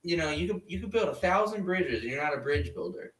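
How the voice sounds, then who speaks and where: A man's voice: on the high side, lively intonation, fast, a bit bright, far from the mic. A man hosting a podcast in casual chat, rambling and joking, recorded in an echoey room away from the mic. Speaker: podcast host.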